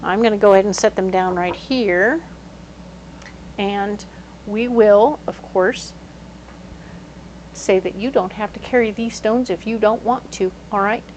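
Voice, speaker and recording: A woman giving a casual tarot reading, animated and playful, breaking into sudden exclamations. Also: mid-range voice, measured pace, pauses often, slight background noise, poor audio. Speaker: tarot reader.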